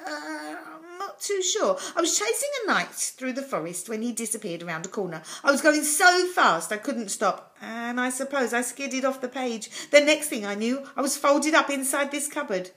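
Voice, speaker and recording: Woman doing a gentle embarrassed dragon, storybook voice, slow and wobbly, lively up-and-down pitch. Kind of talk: children's storybook reading.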